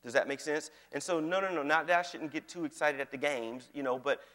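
A male pastor preaching in a lively conversational style, often asking the congregation whether they follow him. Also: on the high side, a little fast, in a large hall. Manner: animated, keeps checking in with the congregation. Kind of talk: conversational sermon.

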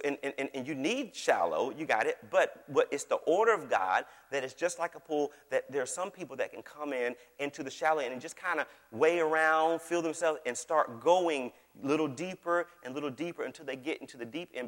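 A man's voice: fairly high pitch, fairly bright tone. A man preaching a sermon as pastor, folksy and joking, calling on the congregation to answer back. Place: large church hall. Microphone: microphone on stage. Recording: long hall reverb.

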